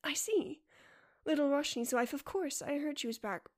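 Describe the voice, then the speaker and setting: A woman's voice: high-pitched, normal speed, pitched above the performer's own voice, close to an everyday voice. A woman voicing a polite, reclusive man who is used to being unseen, speaking formally in a storybook reading.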